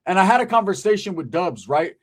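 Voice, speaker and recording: A commentary channel host with a high, very animated voice talks a little fast in a casual monologue. His style is loose and conversational, full of "right?" asides, profanity and self-corrections.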